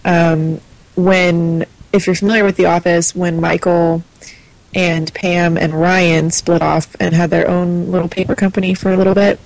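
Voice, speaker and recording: A woman's voice: on the low side, little pitch movement, normal speed, gravelly, rough recording. A woman co-hosting a podcast, chatting casually and hesitantly with many fillers. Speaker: podcast co-host. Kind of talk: casual chat.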